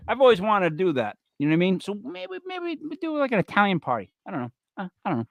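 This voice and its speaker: A man's voice: high voice, big pitch swings, fast talker, gravelly, few pauses, fairly bright tone, dry recording. A man hosting a live podcast, rambling and teasing his co-hosts, with lots of fillers. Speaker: podcast host. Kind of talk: casual banter on a live show.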